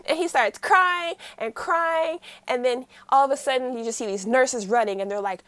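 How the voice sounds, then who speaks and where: A woman co-hosting a casual podcast. She recaps a drama in an animated storytelling way and uses "like" constantly. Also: a little high, brisk, few pauses, no echo. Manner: animated storyteller, heavy use of 'like'. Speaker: podcast co-host.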